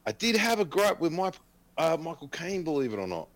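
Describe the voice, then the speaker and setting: A man's voice: fairly high pitch, big pitch swings, fairly quick. A man co-hosting a podcast in casual chat, hesitant and full of restarts, laughing and swearing as he talks. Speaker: podcast co-host.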